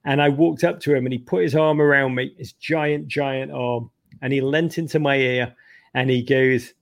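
A middle-aged man with an English accent, telling lively stories as a podcast guest, swearing freely and acting out other people's voices. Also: medium pitch, normal speed, gravelly. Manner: animated, swearing, acts out voices. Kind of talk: storytelling in conversation.

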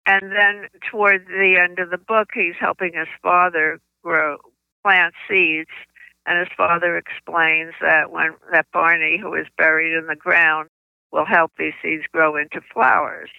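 An older woman, a children's book author, telling stories in an interview, with halting speech and frequent restarts, on slightly muffled lo-fi audio. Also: fairly low pitch, fairly even intonation, vocal fry, clean tone, no room sound. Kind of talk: conversational interview storytelling.

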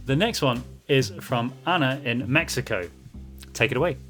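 A man's voice: medium pitch, moderate pace, fairly bright tone, soft background music. A man hosting a podcast, reading listener messages in an upbeat, teasing way. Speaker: podcast co-host. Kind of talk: casual chat.

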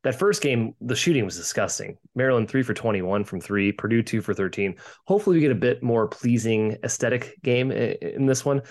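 A man's voice: mid-range voice, darkish tone. A man in a mid-range voice steers a casual sports betting podcast, moving it from game to game. He talks in an upbeat, opinionated way and often stumbles over a repeated word as he gets going. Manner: upbeat, quick to share opinions, repeats words when starting. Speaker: podcast host leading segments.

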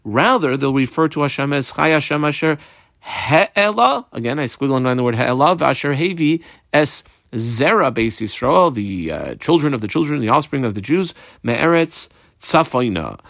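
A man's voice: mid-range voice, very animated, moderate pace, gravelly, a bit bright, no room sound, studio quality. A man teaching a Talmud page in a casual, explaining way, translating Hebrew and Aramaic terms into plain English as he goes.

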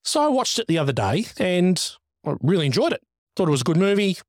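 Male co-host, forties, slightly high voice, dry close mic, tells stories with lively put-on quotes. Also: fast talker, no echo. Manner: animated storyteller, jumps higher acting out quotes. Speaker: podcast co-host. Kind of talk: casual chat.

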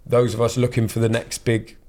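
A man's voice: medium pitch, completely flat delivery, fairly quick, mellow. Chatty, playful male podcast host. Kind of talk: casual chat.

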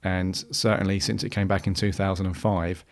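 A podcast host with a fairly low voice, talking loosely and circling back on himself. He fills his sentences with ums and restarts as he thinks aloud. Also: flat delivery, a little fast, vocal fry. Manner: rambling, many restarts and fillers. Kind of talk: casual podcast monologue.

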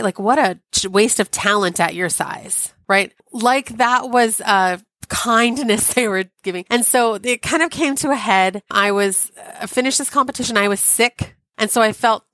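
Woman, podcast guest, wry animated storytelling, mid pitch, dry sound. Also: dry recording. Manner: chatty, wry and animated, with many asides. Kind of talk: storytelling in an interview.

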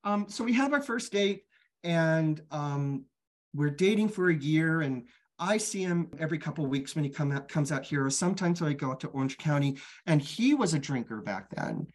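A woman's voice: low-pitched, animated, moderate pace, a little mellow. A middle-aged woman telling her own life story candidly as a guest, frank and casual, swearing freely.

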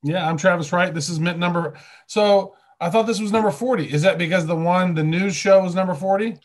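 A man's voice: sits high, fairly quick. A man co-hosting a podcast, playful and chatty, telling stories in casual banter. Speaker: podcast co-host.

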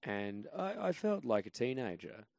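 An Australian man in his twenties, a podcast guest telling stories in a measured, low-key way that turns animated as he goes. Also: creaky, dry recording. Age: 20s. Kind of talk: casual storytelling chat.

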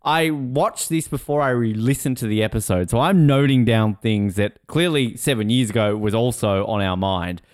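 A man co-hosting a podcast in casual chat, animated and swearing, laughing and mimicking people as he talks. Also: medium pitch, moderate pace, hardly any pauses, clear, resonant tone, dry recording, studio quality. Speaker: podcast co-host.

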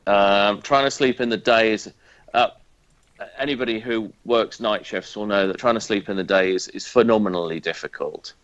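A man's voice: on the low side, moderate pace, a bit bright, dull audio. A man chatting casually as a podcast co-host, hesitant with many ums and a dry sense of humour. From northern England. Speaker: podcast co-host, airline pilot. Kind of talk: casual chat.

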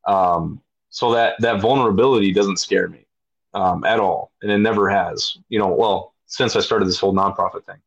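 Deep-voiced, blunt, profane man. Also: fairly even intonation, moderate pace, gravelly, husky. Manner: blunt and profane, heavy fillers. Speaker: podcast guest, military veteran. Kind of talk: casual storytelling. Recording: dull lo-fi audio.

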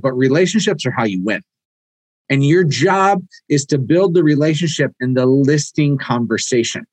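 A man in his thirties, a real estate coach teaching a live online class, energetic and storytelling. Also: medium pitch, no room sound, rough recording. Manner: energetic, storytelling, acts out quoted dialogue. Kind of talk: live online training talk.

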